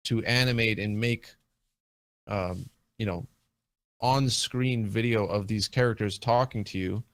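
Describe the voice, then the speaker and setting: This is a casual chat about video games where a male guest with a lowish voice talks for a long time, stumbling through fillers and restarts. No room sound is audible.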